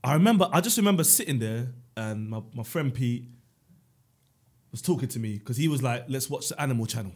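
A man on a podcast, telling funny stories in animated, casual chat. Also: mid-range voice, a little fast, husky. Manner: animated, comic storytelling. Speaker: podcast co-host.

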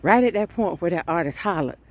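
A woman preaching an informal sermon, fervent and chatty, often breaking into laughs and shouted exclamations. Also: lowish voice, expressive, fairly quick.

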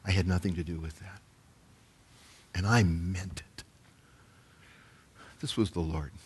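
A man's voice: low voice, fairly even intonation, a little slow, a little mellow, slightly rough. A male pastor preaching a sermon. He tells the parable with energy and slips into acted-out voices for the people in it.

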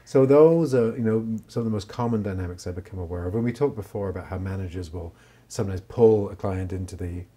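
A man with a deep, warm voice and a breathy edge speaks fast, answering interview questions as a therapist. He's reflective and keeps checking in with "right?".

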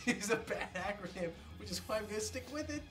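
A man's voice: high-pitched, lively intonation, fairly quick, fairly bright tone, faint music behind. A man on a gaming stream reading viewer questions, playful and slightly theatrical. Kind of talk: casual chat over gameplay.

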